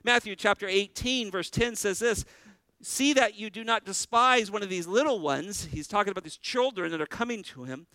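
A man's voice: high voice, moderate pace, few pauses, sharp tone, dry recording, poor audio. A male pastor preaching a sermon, earnestly putting questions to his congregation.

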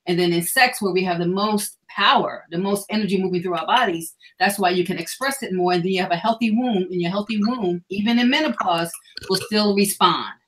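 A woman's voice: mid-range voice, a little fast, fairly bright tone, low-quality recording. A middle-aged woman speaking frankly and earnestly as a guest on a candid panel discussion. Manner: frank, sexually explicit, earnest.

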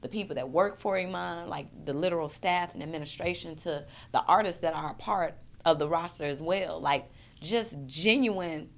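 Low-voiced earnest woman poet. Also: normal speed. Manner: earnest, emotional, repeats words while searching. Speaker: poet and performance artist. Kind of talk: candid interview conversation.

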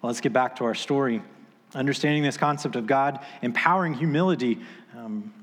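A man in his thirties delivers a sermon at a middle pitch. He tells stories casually, with filler words and restarts. His voice carries a long reverb from a large hall. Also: brisk. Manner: storytelling, conversational, with filler words. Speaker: pastor.

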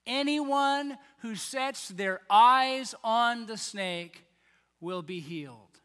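A stern, fed-up God hands down orders in a high, bright voice, as a man acts him out in a sermon. The voice carries the long echo of a large hall. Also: expressive, very slow, clean tone, full character voice. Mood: commanding.

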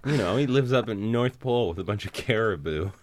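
A man's voice: lowish voice, lively intonation, fairly quick, slight background noise. A man co-hosting a comedy podcast, chatting in laid-back crude banter. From Canada. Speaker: podcast co-host.

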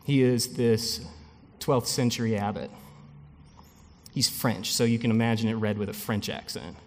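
A man giving a sermon as pastor, speaking in a conversational, animated way with frequent asides. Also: fairly low pitch, moderate pace, in a large hall, a little hiss or hum.

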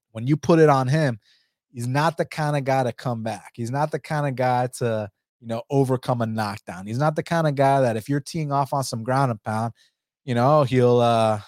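A man's voice: medium pitch, a little mellow, dry recording, clean studio sound. A young adult man giving a casual, blunt fight breakdown and betting picks, talking animatedly, swearing and using plenty of fillers. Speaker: MMA betting analyst.

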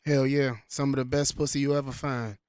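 A man's voice: medium pitch, level tone, brisk, darkish tone, clear, resonant tone, no echo, studio quality. A man joking crudely in a casual chat.

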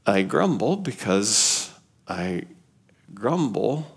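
A male pastor preaching a sermon in an animated way, asking rhetorical questions and repeating key phrases. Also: fairly low pitch, very slow, gravelly, breathy edge.

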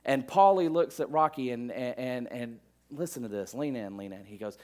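Male pastor, middle-aged, mid-pitched voice, chatty sermon delivery full of asides. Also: normal speed, a little mellow. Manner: conversational preaching with asides and fillers.

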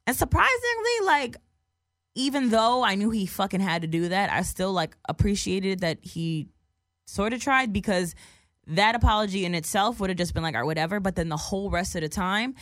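A young woman casually telling a story in a profane, animated way, acting out other people's lines as she goes. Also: medium pitch, moderate pace, no echo, clean studio sound.

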